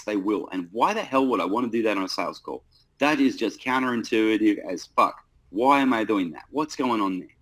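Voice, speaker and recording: A man's voice: lowish voice, rough recording. A man coaching salespeople in casual talk, blunt and full of swearing. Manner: blunt, profane, animated. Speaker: sales trainer.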